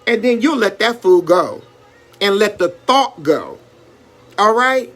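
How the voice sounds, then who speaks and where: A man hosting a live stream, talking in an animated, preacherly way and greeting viewers by name as he gives advice. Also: very high voice, a little slow, soft background music. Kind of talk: casual motivational live-stream talk.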